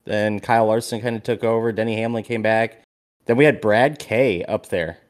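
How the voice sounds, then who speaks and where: A man's voice: on the low side, moderate pace. A young man co-hosting a casual podcast, telling a story with lots of swearing and acting out his own reactions.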